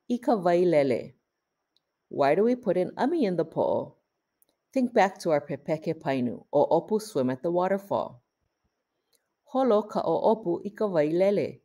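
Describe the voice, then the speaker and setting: A woman with a low, mellow voice gives a scripted video lesson. She explains each point clearly and says each term with care. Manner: clear, explanatory, pronounces Hawaiian terms carefully. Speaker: language teacher.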